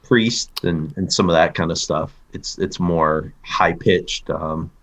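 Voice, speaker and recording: A man with a very low, deep voice hosts a relaxed music podcast. He rambles along casually, circling back on himself and trailing off into fillers as he talks. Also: slow. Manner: rambling, lots of fillers and restarts. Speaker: podcast host.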